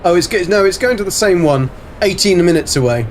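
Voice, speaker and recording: A man's voice: sits high, expressive, fairly quick, slight background noise. A man casually commentating a game on a live stream, chatting to viewers, swearing freely and greeting them by name. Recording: faint background music.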